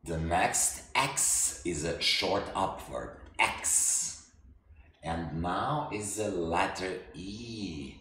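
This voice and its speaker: Male teacher, very slow and halting, echoey room. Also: deep voice, sharp tone, slight background noise. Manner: slow, halting, with many restarts. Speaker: language teacher. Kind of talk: language lesson.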